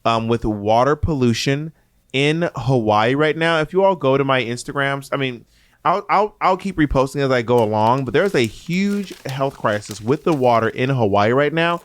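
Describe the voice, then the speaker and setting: A man's voice: mid-range voice, moderate pace, no echo. A man co-hosting a podcast in casual, teasing chat, often laughing. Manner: animated, laughing, playful teasing. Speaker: podcast co-host.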